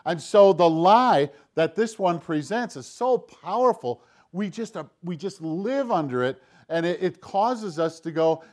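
A man preaching a sermon, swinging between loud, emphatic lines and hushed, low asides, sometimes acting out the tempter's voice in quotes. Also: expressive, measured pace, few pauses. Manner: acts out Satan's voice in quoted lines. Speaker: pastor.

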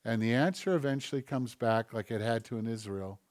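Man, pastor, sermon, conversational, emphatic bursts, middle pitch, dry sound. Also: brisk, dry recording. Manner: conversational preaching that builds to loud, emphatic questions. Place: church sanctuary.

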